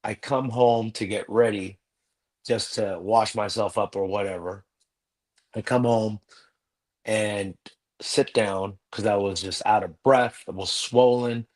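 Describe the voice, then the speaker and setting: A man's voice: on the low side, fairly even intonation, slow. A man telling a personal story earnestly as a guest in a live interview.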